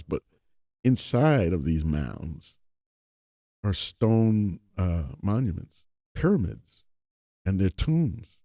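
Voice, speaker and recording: Low gravelly man musing on scripture. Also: mellow, no room sound, clean studio sound. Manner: casual, digressive, chuckles between points. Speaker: religious commentator. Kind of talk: informal scripture reading and commentary.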